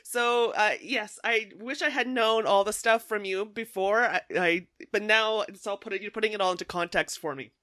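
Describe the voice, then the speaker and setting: A woman podcast host telling a casual story in an animated, self-mocking way. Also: mid-range voice, moderate pace, few pauses, no echo.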